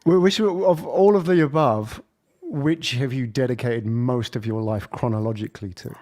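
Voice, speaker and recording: A man's voice: mid-range voice, darkish tone. Inquisitive male podcast host. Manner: inquisitive, follows up with quick questions. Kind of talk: interviewing a guest.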